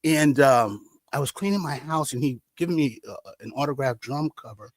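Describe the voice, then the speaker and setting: A man on a podcast telling stories with lively acted-out quotes, dropping to a hush for sad moments. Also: mid-range voice, normal speed, dry recording. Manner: animated storyteller acting out quotes, trails into hushed tones. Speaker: guest, artist manager and concert promoter. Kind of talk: casual storytelling chat.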